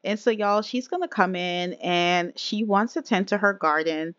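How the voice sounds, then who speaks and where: A woman's voice: mid-range voice, normal speed, fairly bright tone, dry recording, lo-fi sound. Chatty woman narrating a life-sim game. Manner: chatty, addresses viewers as y'all. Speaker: game streamer. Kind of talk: casual let's-play commentary.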